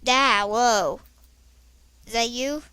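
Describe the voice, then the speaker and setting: A young girl chatting to herself as she plays an online game, excitable and rambling. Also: on the high side, drawn-out words, clear, resonant tone, dry recording. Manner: chatty, excitable, talks to herself while playing. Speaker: gameplay vlogger. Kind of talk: casual commentary over online game play.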